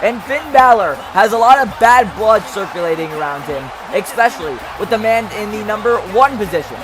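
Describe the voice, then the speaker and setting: A young man calls a wrestling match like a hyped ring announcer, shouting much of the time in a high, bright voice. He trash-talks the wrestlers with excitable energy, and faint music plays underneath. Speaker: play-by-play commentator. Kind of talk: hyped wrestling commentary over video game footage.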